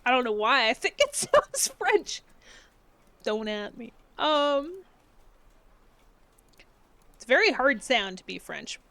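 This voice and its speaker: Playful, giggly streamer woman, lively pitch. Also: slow, long pauses, no room sound. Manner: giggly, playful, often laughing and reacting to chat. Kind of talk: casual chat with live chat.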